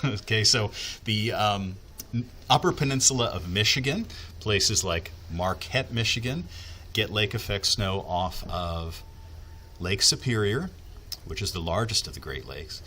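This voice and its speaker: A man's voice: sits low, animated, a little slow, bright, forceful tone, slight background noise. A man working as a TV meteorologist, explaining the weather in a casual, chatty way, with asides and fillers as he thinks aloud.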